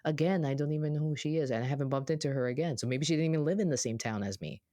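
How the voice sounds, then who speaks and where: A therapist co-hosting a podcast, chatting casually and telling everyday stories with lively acted-out quotes. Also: medium pitch, racing, no room sound. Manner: animated storyteller who acts out quoted voices.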